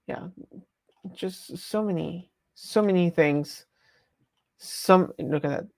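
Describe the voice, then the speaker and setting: A woman's voice: on the low side, slow pace, vocal fry, dry recording. A woman with a French accent chatting casually on a live stream, rambling and breaking off her own sentences. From France. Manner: rambling, chatty, self-interrupting.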